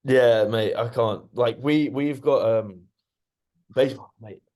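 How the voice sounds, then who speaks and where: A young man co-hosting a podcast, relaxed and casual, often answering briefly and saying bro. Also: medium pitch, unhurried. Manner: relaxed, short agreeing replies, says bro. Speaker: podcast co-host. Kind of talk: casual chat.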